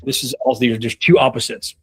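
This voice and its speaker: A man's voice: mid-range voice, little pitch movement, fast talker, slightly rough. A man in his thirties coaching on a call, casual and rambling, with many fillers and restarts. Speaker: sales leadership coach.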